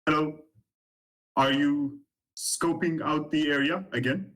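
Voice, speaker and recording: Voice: medium pitch, fairly even intonation, slow, fairly bright tone, poor audio. A game master voicing a dutiful Warforged construct guard who speaks in formal phrases in a tabletop role-play.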